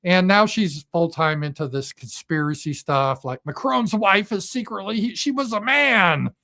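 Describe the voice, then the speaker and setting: A man's voice: high voice, lively intonation, normal speed, creaky, bright, forceful tone. A man giving an opinion commentary monologue in a sarcastic, mocking manner. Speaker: political commentator.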